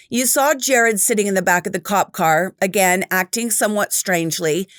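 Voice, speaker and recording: A woman hosting a true crime show, narrating and commenting in a measured, opinionated way. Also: mid-range voice, no echo, clean studio sound.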